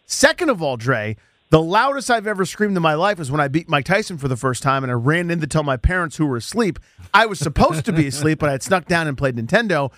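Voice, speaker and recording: Male sports host, lively pitch, dry studio sound, animated. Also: fast, no room sound. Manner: animated, voice jumps up when excited. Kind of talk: sports talk show.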